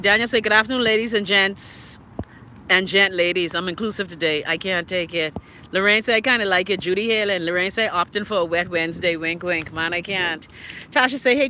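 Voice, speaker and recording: With a little hiss or hum in the audio, a Bahamian live stream host reads viewer comments on her phone. Her casual delivery is blunt, profane and exasperated, with sharp swings in pitch.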